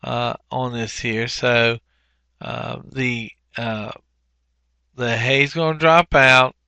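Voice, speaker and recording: A man working through a language workbook as a teacher, explaining each answer slowly with frequent fillers and self-corrections. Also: medium pitch, steady tone, vocal fry, bright, forceful tone, clear, resonant tone, no room sound, lo-fi sound. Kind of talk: workbook walkthrough lesson.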